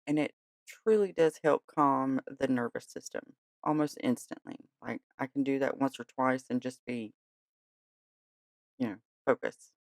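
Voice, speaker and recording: A podcast host in a gentle, chatty way of talking, tired and yawning late at night. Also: mid-range voice, measured pace, dry recording. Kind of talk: casual podcast talk.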